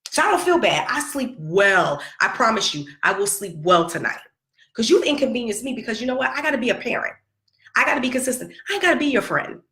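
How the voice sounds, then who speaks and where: A woman's voice: fairly high pitch, expressive, a little fast, sharp tone, reverberant. A middle-aged woman venting to her viewers about her son, emphatic and sassy, repeating herself for effect. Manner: emphatic, repetitive, sassy, talks straight to the camera. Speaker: vlogger and mother. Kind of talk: casual storytelling vlog to viewers.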